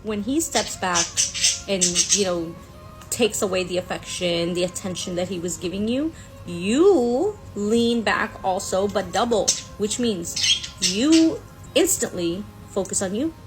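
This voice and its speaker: A woman's voice: medium pitch, animated, unhurried, music in the background, low-quality recording. A woman explaining dating advice in a coaching manner. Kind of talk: casual advice vlog.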